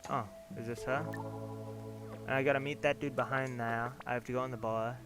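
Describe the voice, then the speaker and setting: A man's voice: mid-range voice, fairly even intonation, brisk, close to an everyday voice. A man voicing a curious teenage girl exploring in a video game, with game music behind. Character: curious teen girl newcomer.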